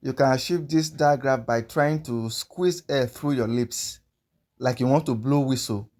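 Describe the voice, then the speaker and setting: A man teaching a pronunciation lesson, patiently repeating each example word slowly and carefully. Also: mid-range voice, a little mellow. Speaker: language teacher.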